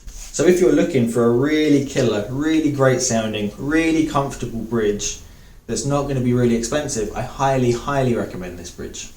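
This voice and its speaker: A man's voice: medium pitch, normal speed, darkish tone, echoey room, recorded from a distance. A man reviewing a guitar part, talking with enthusiasm and doubling words for emphasis. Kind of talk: product review talk to camera.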